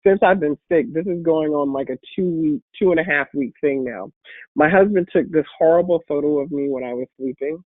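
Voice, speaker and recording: A woman with a deep voice, congested and a bit hoarse from a cold, giving an upbeat, encouraging webinar talk as a guest speaker. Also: normal speed, no room sound. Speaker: guest speaker and patient advocate. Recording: phone-like online call audio.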